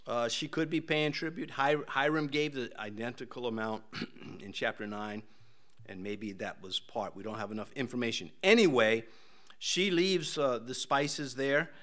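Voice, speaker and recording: An older man preaching a casual, joking sermon in a church, with folksy asides and voices acted out in a high pitch. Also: fairly bright tone. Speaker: pastor.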